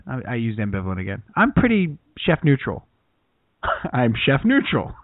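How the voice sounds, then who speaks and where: A man's voice: mid-range voice, wildly swooping pitch, moderate pace, no echo. A man co-hosting a comedy podcast, riffing in casual banter and laughing often. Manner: giggly, riffing. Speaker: podcast co-host. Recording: dry, phone-like sound.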